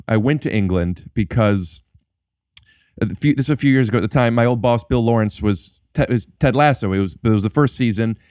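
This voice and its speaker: A man's voice: lowish voice, darkish tone, clean tone, no room sound, clean studio sound. A man hosting a podcast who asks curious questions and often stops and restarts in a casual chat. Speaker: podcast host.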